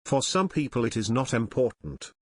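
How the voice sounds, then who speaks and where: A man's voice: medium pitch, normal speed, dry recording. Man reading a simple storybook. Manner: plain, even wording with short sentences. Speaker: audiobook narrator.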